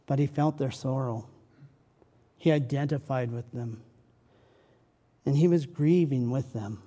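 A man preaching a sermon, swinging from loud pleading questions to soft, hushed comfort. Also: medium pitch, measured pace, big-room sound.

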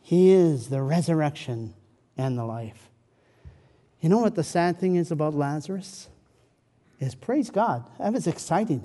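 A man preaching a sermon, swinging from loud pleading questions to soft, hushed comfort. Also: sits high, in a large hall.

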